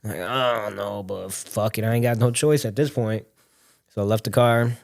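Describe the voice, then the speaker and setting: A young man co-hosting a podcast, telling a story in casual chat, animated and swearing freely, acting out the voices he quotes. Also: lowish voice, normal speed, gravelly. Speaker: podcast co-host.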